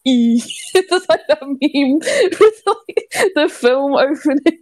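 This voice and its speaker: A bubbly British woman chatting on a gaming stream, breaking into giggles often. Her voice sits fairly high. The sound is dry and close. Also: expressive, takes it slowly, darkish tone, no room sound. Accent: British English. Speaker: streamer host. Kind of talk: casual gaming stream chat.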